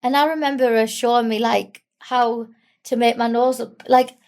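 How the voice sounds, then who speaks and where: Young woman, tearful, halting, fairly high voice, from England. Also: steady tone, a little mellow. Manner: candid, halting, with giggles. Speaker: guest. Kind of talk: emotional interview.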